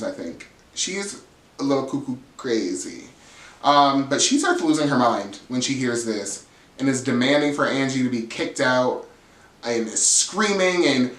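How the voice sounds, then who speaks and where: Male recap host, mid-pitched, animated gossip storyteller who swears and mimics the cast; roomy echo on the track. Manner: animated storytelling, jumps into high voices quoting the cast, laughs often; swears freely.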